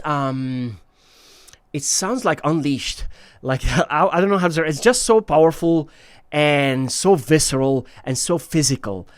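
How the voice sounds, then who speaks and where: A man's voice: a little high, animated, measured pace, no room sound, clean studio sound. A man hosting his own channel, giving a casual and enthusiastic spoken review with frequent hesitations and fillers. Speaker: headphone reviewer, channel host. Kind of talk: casual product review talk.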